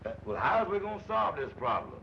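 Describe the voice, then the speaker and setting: A sly, deadpan sleepwalking ex-barber. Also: male voice, a little high, gravelly. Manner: slow deadpan drawl with mangled big words. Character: sly slow-talking male roommate, sleepwalking former barber. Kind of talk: 1940s film comedy acting. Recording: dull old film soundtrack with faint hiss.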